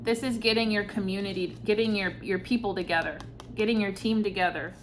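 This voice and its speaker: A woman giving an intuitive tarot reading, speaking softly and reflectively, with sighs and pauses between thoughts. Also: mid-range voice, steady tone, slight background noise. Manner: slow, soft-spoken, reflective, with sighs and pauses. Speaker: tarot reader.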